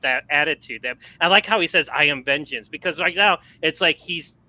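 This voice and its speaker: Male guest, casual movie chat, very bright slightly high voice, rambling and animated. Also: fairly quick, poor audio. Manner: rambling, animated, many fillers and restarts. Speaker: podcast guest.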